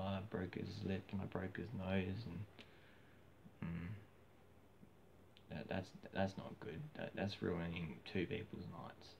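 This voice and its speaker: Hoarse, gravelly deep-voiced Australian man. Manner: rambling, frequent restarts and fillers. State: hoarse, losing his voice. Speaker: vlogger. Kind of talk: casual rambling monologue. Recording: dull lo-fi with faint hiss.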